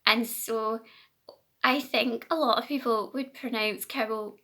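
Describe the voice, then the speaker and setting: A woman's voice: a little high, steady tone, unhurried, bright, forceful tone. A Scottish woman chatting casually to her phone camera as a knitting podcast host, rambling and correcting herself as she goes. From Scotland.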